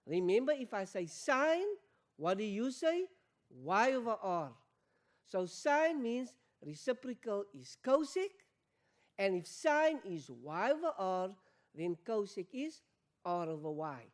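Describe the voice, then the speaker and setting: A woman's voice: medium pitch, very animated, takes it slowly. A woman teaching an exam revision maths lesson, repeating key points and quizzing learners with questions. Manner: addresses learners as guys.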